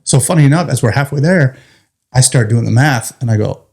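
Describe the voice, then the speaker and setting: In a gravelly, mid-range voice and at a slightly fast clip, a male firefighter tells a story as an interview guest. He's lively, laughing through the funny moments and swearing casually.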